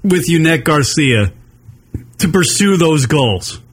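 Loud, profane man mocking on radio. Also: on the high side, lively intonation, slow pace, slightly rough. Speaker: co-host. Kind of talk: crude comedic radio banter.

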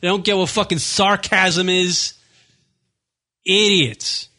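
A man's voice: sits high, fairly even intonation, takes it slowly, pushed and bright. A man co-hosting a radio show, in profane, teasing casual banter.

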